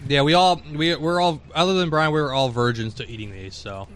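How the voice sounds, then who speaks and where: A man's voice: a little high, a little fast, fairly bright tone, a little hiss or hum. A man co-hosting a podcast in a studio, rambling in casual banter and laughing between bites. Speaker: podcast co-host.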